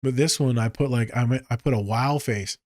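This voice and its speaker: A man with a mid-pitched voice hosts a casual podcast as a therapist. He tells stories loosely and profanely, dropping low for asides and jumping high when he exclaims. The sound is dry, with no room echo. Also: a little fast. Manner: profane, joking, with frequent swearing; animated, jumps between low mutters and high exclaims.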